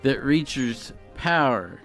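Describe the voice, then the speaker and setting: A man co-hosting a podcast, riffing playfully and pitching ideas in casual chat. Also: animated, takes it slowly, gravelly, a bit bright, faint music behind. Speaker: podcast co-host.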